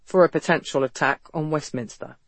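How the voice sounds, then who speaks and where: A narrator voicing a quiet, controlled male agent who speaks low and matter-of-fact in an audiobook. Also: brisk, dry recording, lightly acted. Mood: quiet, guarded. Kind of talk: audiobook character reading.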